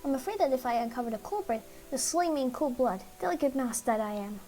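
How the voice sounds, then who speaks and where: A woman's voice: high-pitched, lively intonation, fast, mellow, soft background music. A woman voicing a small, fussy mouse who lost a sword, talking in a theatrical, pleading way. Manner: theatrical, pleading, self-pitying.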